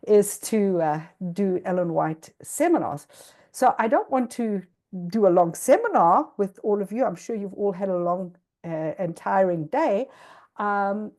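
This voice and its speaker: A middle-aged South African woman presenting slowly over a video call, her voice warm and mellow. She often pauses with ums and restarts her sentences. The delivery is informal and unhurried. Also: medium pitch. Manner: hesitant, lots of ums and restarts. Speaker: guest speaker. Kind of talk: informal presentation to an interpreted audience.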